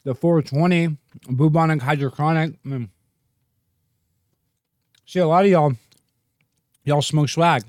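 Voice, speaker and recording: A man hosting a livestream, rambling and joking, sometimes jumping into goofy high-pitched bits. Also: measured pace, long pauses, darkish tone, no room sound, clean studio sound. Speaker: livestream host. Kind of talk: casual livestream rant.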